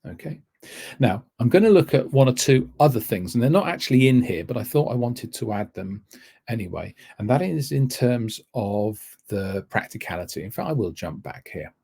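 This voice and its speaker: A man's voice: mid-range voice, animated, normal speed, vocal fry, warm tone, breathy edge. A man giving a teaching webinar, rambling and correcting himself often as he explains. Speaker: TEFL course tutor. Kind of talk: webinar lecture.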